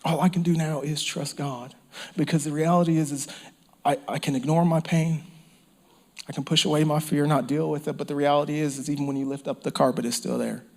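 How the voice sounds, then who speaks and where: Impassioned preacher with a higher voice. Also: male voice, level tone, fast, creaky, a little mellow. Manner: impassioned preaching with repeated phrases and dropped whispers. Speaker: pastor. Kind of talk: sermon. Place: church or campground service.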